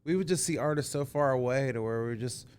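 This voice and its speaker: A man in casual podcast conversation, an animated storyteller who acts out the voices of people he quotes. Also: medium pitch, fast, slight background noise. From Cincinnati area. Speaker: guest, former concert booker.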